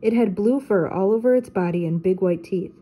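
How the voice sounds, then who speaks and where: An older woman, a teacher, reading a children's storybook aloud in a steady, clear way. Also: mid-range voice, fairly quick.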